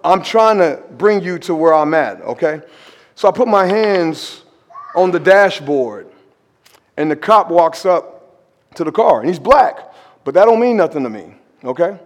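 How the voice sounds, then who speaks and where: A male pastor telling a story in a sermon, animated and conversational, sometimes dropping to a hushed emphasis. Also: on the high side, a little slow, long reverb tail. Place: church sanctuary.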